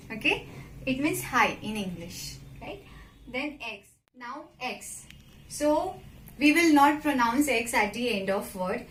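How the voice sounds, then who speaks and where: A woman teaching a simple French lesson, slow and patient, often checking with the listener. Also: fairly high pitch, pushed and bright. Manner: slow and patient, repeats and checks with "okay?" and "right?". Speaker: French teacher, channel host. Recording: echoey room with faint background noise.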